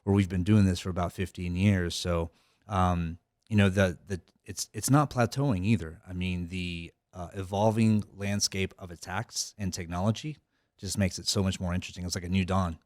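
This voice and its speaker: A man's voice: deep voice, steady tone, moderate pace, a little mellow, no room sound, studio quality. A middle-aged man, a company head, talking casually as a podcast guest, rambling with many fillers and restarts. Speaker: cybersecurity company CEO, guest. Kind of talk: casual interview talk.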